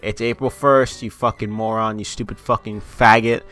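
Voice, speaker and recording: A man's voice: on the low side, fairly even intonation, normal speed, a bit bright, faint music behind. A young man ranting sarcastically and profanely in a casual vlog, mocking his audience. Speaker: YouTuber.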